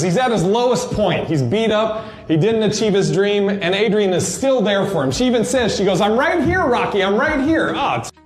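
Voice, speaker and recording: A man telling a comic story with a mocking edge and acted-out voices, his tone high for a man. The sound rings in an echoey room. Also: darkish tone. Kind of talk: comedic storytelling.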